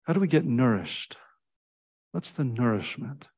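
A male preacher giving a conversational sermon, jumping high in pitch when acting out quotes and slipping in restarts and fillers. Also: measured pace, slightly rough. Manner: animated storytelling with sudden pitch jumps when quoting.

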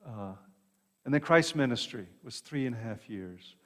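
Male preacher, casual storytelling sermon, everyday mid pitch, long hall reverb, tosses in quick asides. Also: lively intonation, a bit bright. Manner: conversational, asides with "right?", occasional restarts. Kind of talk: sermon retelling a Bible story.

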